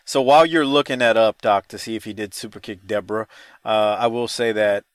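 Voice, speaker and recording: A man's voice: lowish voice, steady tone, fairly quick, smooth, no echo. Laid-back man hosting a chat, dry sound. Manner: loose, laughing, profane. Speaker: podcast host. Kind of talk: casual podcast chat.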